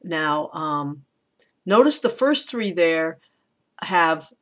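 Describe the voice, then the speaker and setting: A woman's voice: sits low, animated, a bit bright. Thoughtful woman lecturing on poetry. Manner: thoughtful, unhurried, with frequent fillers and restarts. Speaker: teacher.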